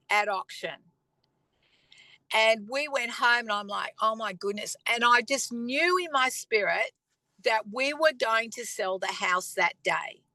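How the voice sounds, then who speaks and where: Woman, testimony speaker, earnest and conversational, higher bright voice. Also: no room sound, rough recording. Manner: earnest and conversational, with pauses and throat clearing. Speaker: faith speaker. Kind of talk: personal testimony talk.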